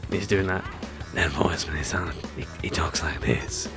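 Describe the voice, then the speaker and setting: A man's voice: very deep voice, moderate pace. Chatty man over game music. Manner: rambling, chatty, laughs often at his own jokes. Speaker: game streamer. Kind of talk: live gameplay chat.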